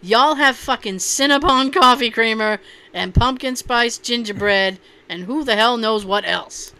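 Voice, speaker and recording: A woman with a high, bright, crisp voice chats casually and reads posts aloud. She swears freely and keeps the tone loose and joking. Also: a little slow. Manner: profane, laughing, loose and joking.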